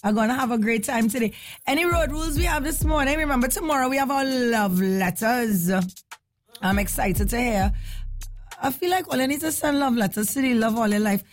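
Lively, high-voiced woman hosting a morning radio show, casual chat over faint music. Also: brisk. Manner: lively, chatty, laughs often.

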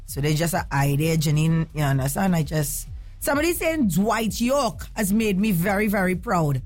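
A woman radio host with a Trinidadian accent, chatting in an excitable, emotional, laughing way on a morning show. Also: fairly low pitch, normal speed, soft background music. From Trinidad and Tobago. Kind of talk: casual morning show chat.

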